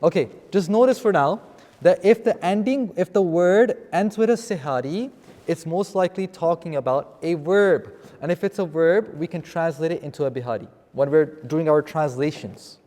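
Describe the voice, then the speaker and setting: A man's voice: on the high side, moderate pace, warm tone. A man teaching a seminar on scripture vocabulary to a live class, explaining terms and often checking with "okay?". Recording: long reverb in a hall.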